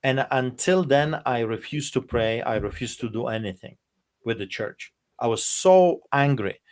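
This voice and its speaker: A man's voice: medium pitch, expressive, measured pace, darkish tone. Man telling an emotional personal testimony. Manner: emotional storytelling, speaking to his son. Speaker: pastor.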